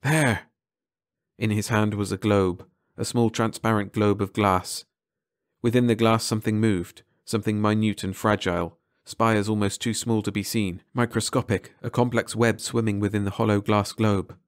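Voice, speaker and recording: A man narrating a short science fiction story aloud in a measured way, slowing on key phrases. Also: fairly low pitch, little pitch movement, no room sound, clean studio sound. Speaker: audiobook narrator.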